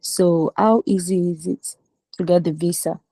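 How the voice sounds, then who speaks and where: A woman participant politely asking a question in a slow, hesitant way. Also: fairly low pitch, fairly even intonation, warm tone, dry recording. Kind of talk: question in an online session.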